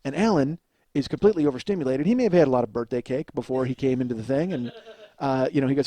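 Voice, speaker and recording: A man's voice: medium pitch, quick pace, mellow. A man hosting a podcast, telling a comic story in a profane, exasperated ranting way. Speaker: podcast host. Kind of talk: comedic storytelling monologue.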